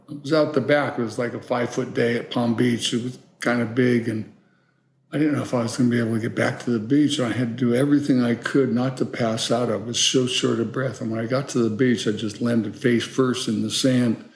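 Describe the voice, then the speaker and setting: Older male guest in his 70s, gravelly voice, chatty rambling storyteller, roomy echo. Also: mid-range voice, normal speed. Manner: rambling, animated storyteller with many "you know"s. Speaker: guest, filmmaker. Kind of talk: storytelling interview.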